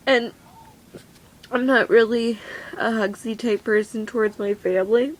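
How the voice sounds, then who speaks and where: A teenage girl crying as she talks in a confessional vlog, her voice breaking and halting. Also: on the high side, steady tone, rough recording. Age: teens. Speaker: vlogger.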